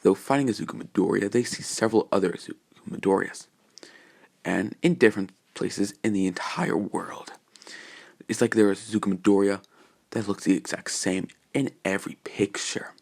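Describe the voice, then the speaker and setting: A man narrates a fan story in a casual, rambling way, full of fillers and restarts. His voice is low and gravelly. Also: moderate pace.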